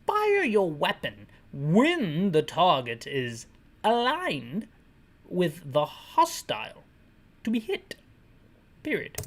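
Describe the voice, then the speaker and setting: A woman voicing a pompous male radio commander in a deliberately bad British put-on, reading out instructions slowly and over-pronouncing every word. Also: on the low side, wildly swooping pitch, exaggerated voice. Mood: stuffy.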